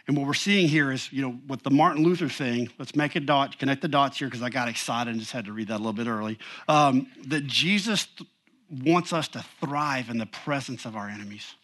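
A man's voice: medium pitch, expressive, brisk, a bit bright. A middle-aged man preaching a sermon in a church, talking in a casual, emphatic way and often saying "you know.". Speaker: pastor.

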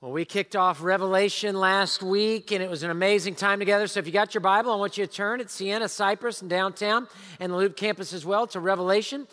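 A pastor in his forties with a drawl preaches with lively, animated storytelling, his high, bright voice fast and swinging from loud to hushed. Faint music plays behind, and the long reverb of a large church sanctuary surrounds him.

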